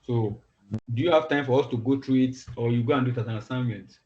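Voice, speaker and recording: A man's voice: mid-range voice, dark tone. Man teaching a coding class online. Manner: halting, repeats words, thinks aloud. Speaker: instructor. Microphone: video call. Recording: dull lo-fi video call audio.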